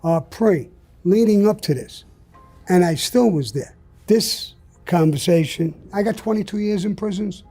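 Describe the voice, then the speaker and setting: A man's voice: high-pitched, a little slow, mellow, soft background music. An older man telling stories as an interview guest, blunt and profane. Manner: blunt, profane, gravelly storytelling. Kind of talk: storytelling in an interview.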